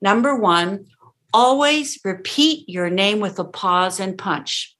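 Lady speaking coach, middle pitch, super emphatic, keeps demonstrating delivery. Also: animated, slow pace, fairly bright tone.

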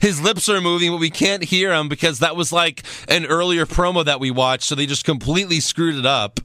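A man's voice: on the high side, fairly quick, pushed and bright, no room sound, studio quality. A man co-hosting a wrestling podcast, recapping shows in casual, sarcastic chat and often laughing.

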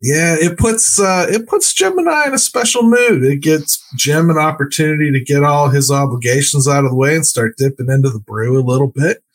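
Chatty, slightly high-voiced male podcast host. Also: brisk, few pauses. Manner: chatty and joking, laughs easily. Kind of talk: casual sports podcast chat.

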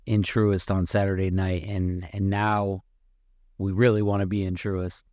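A laid-back man co-hosting a sports podcast, chiming in with short remarks. His voice is low and flat, with little rise and fall, heard in a dry room. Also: unhurried, dry recording. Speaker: podcast co-host. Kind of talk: casual sports talk.

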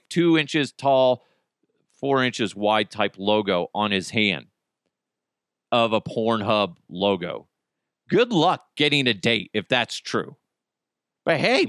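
Animated, joking male podcast host. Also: mid-range voice, dry recording, studio quality. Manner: profane, joking, animated rants. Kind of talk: casual comedic news commentary.

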